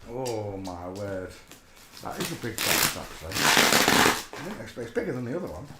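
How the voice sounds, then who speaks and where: Excitable man in an echoey room. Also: lowish voice, moderate pace, very noisy. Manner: excitable, chatty, talks softly to his dog. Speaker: channel host. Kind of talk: casual unboxing chat.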